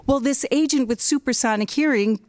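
A woman telling a personal story on stage, lively and animated, acting out sounds and voices as she goes. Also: sits high, a little fast, no room sound.

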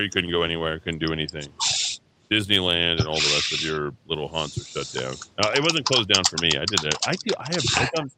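Talk radio host: tired man, low voice, blunt combative rant, keyboard clatter in the studio. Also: heavy background noise. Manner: blunt, combative, repetitive ranting. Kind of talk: ranting political talk radio monologue. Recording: steady keyboard typing and clicks behind.

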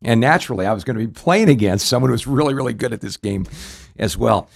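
A man's voice: medium pitch, lively intonation, fast talker, gravelly, husky. A man hosting a radio talk show, telling a story casually with many fillers and restarts.

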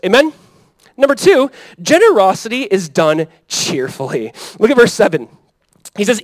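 A pastor in his thirties delivers a sermon in a loose, conversational style, often asking his listeners to agree. His voice sits fairly high for a man. The sound is close and dry, with no room echo. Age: 30s. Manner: conversational, animated preaching with frequent "right?" and "Amen?".

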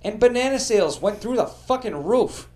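A man's voice: sits high, expressive, normal speed, a little mellow. A man hosting a podcast, telling comedic history stories with a profane, joking delivery. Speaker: podcast host.

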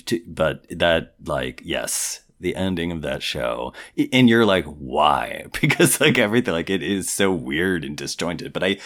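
A man's voice: low voice, big pitch swings, moderate pace, hardly any pauses, fairly bright tone. A man co-hosting a podcast in casual chat, telling a long story and filling his speech with "like". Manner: rambling storyteller, fills speech with "like".

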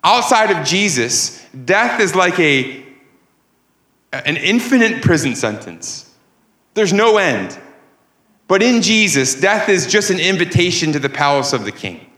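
Emphatic preacher in an echoey church. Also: male voice, sits high, big pitch swings, measured pace, sharp tone. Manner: emphatic, rising and falling preaching cadence. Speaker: pastor. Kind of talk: sermon. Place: church sanctuary.

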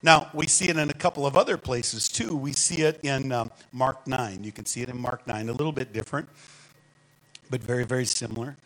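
A man preaching a sermon as guest speaker, animated and calling on the congregation to answer back. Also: medium pitch, fairly quick, poor audio. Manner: animated, calls the congregation to respond.

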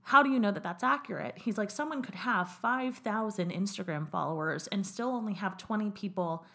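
Young female podcast co-host, casual and candid, mid-pitched. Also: a little fast, vocal fry, fairly bright tone. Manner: candid, swearing, quotes others in run-on retellings.

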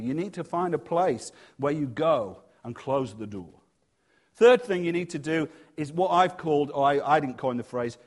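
A male church leader preaching in a lively, conversational way, with humorous asides and quieter moments on softer points. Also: medium pitch, moderate pace. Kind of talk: sermon.

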